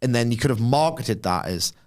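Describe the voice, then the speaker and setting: A man co-hosting a podcast in casual chat, opinionated and quick to jump into animated asides. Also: mid-range voice. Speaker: podcast co-host.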